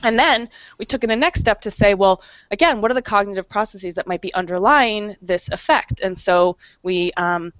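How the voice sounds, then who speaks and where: A woman's voice: mid-range voice, moderate pace, few pauses, fairly bright tone, dry recording. Academic woman in her thirties explaining her work over a video call, dull dry sound. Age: 30s. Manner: clear explanatory tone with frequent ums and restarts. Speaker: panelist, psychology professor. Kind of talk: explaining research on an online panel.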